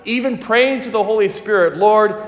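Slow, high-voiced preacher in reverberant church. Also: male voice, highs cut off. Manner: earnest, emphatic preaching with slow deliberate phrasing. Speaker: priest. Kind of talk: sermon.

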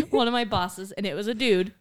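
Woman in her thirties, mid pitch, relaxed storyteller, laughs, casual podcast chat. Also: no room sound. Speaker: podcast co-host.

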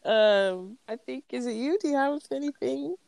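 A woman's voice: sits high, normal speed, vocal fry, no echo. A young woman co-hosting a podcast, retelling movie scenes with lots of laughter and swearing. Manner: laughing, animated quote retelling with heavy swearing. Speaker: podcast co-host. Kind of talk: casual chat.

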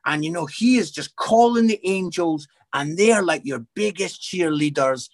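High-voiced animated male storyteller. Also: normal speed. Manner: animated storyteller, many restarts. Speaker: evangelist and comedian. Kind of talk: personal testimony in an interview.

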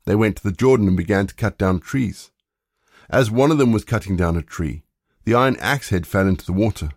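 A man narrating a Bible story in a steady, even reading voice. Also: fairly low pitch, a little fast, no room sound, clean studio sound. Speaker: scripture reader.

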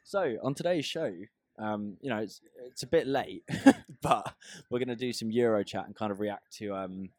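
A man's voice: fairly low pitch, moderate pace, darkish tone, dry recording. Young guy cohosting a podcast, jokey and chatty, dead dry mic. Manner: chatty, jokey, laughs often. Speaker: podcast co-host. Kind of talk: casual podcast chat.

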